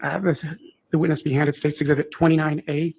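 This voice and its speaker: A man's voice: a little high, level tone, fairly quick, vocal fry, a little mellow, slightly rough. Man questioning a witness formally. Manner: formal, procedural. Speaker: prosecutor. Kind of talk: courtroom questioning.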